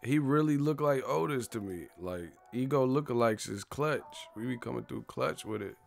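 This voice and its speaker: A man's voice: mid-range voice, animated, moderate pace, gravelly, soft background music. Slangy laughing man hosting a livestream. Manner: laughs a lot, slangy, does mock voices of movie characters. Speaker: livestream host. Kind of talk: casual livestream chat.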